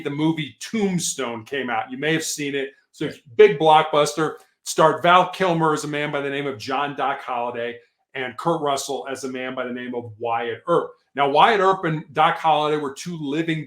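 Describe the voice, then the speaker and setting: A man's voice: on the high side, fairly bright tone. A man guest author in a podcast interview, telling stories in an earnest, emphatic way. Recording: echoey room.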